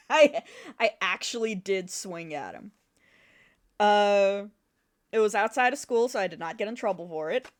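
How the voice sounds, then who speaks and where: A young adult woman streaming a game, telling a story in an animated, exasperated way with plenty of swearing. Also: medium pitch, measured pace, pauses often. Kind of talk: casual storytelling while gaming.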